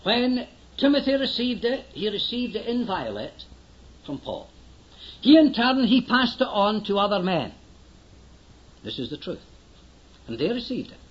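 An older man preaches with earnest, emphatic urgency. His voice sits high and swings widely in pitch. The recording is dull and lo-fi, like an old tape. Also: sing-song, measured pace, pauses often. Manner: earnest, emphatic, pleading with listeners to listen. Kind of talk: sermon.

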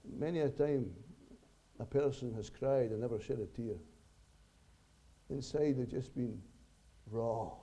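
A man preaching a sermon, his voice very dark and mellow at an ordinary pitch. He speaks earnestly, pausing for effect and letting his volume rise and fall sharply. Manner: earnest, with dramatic pauses and sudden swells and drops in volume.

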